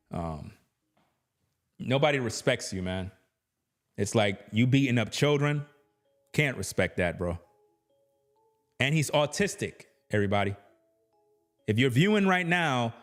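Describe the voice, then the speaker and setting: Laid-back man. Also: lowish voice. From New York. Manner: laid-back, chatty, peppered with "you know what I mean". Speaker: YouTube commentator. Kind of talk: casual commentary.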